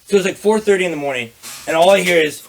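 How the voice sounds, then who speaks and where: A young man hosting a casual chat, reminiscing with quick, profane questions. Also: sits high, soft background music, poor audio. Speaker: host.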